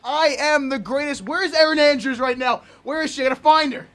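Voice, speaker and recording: A man voicing a boastful male football star who brags loudly. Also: very high voice, a little fast, voice pushed up. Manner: loud, brash bragging.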